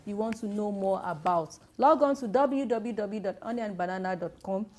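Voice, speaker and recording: A woman's voice: mid-range voice, darkish tone. A woman radio host with a Nigerian accent, wrapping up a call-in show with announcements. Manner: brisk, announcing.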